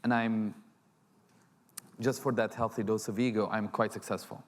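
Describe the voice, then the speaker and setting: A man's voice: lowish voice, flat delivery, moderate pace. A man from Syria speaking on a convention panel, candid and joking at his own expense. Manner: joking, self-deprecating, candid. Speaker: panelist, author. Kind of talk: panel discussion. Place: convention hall.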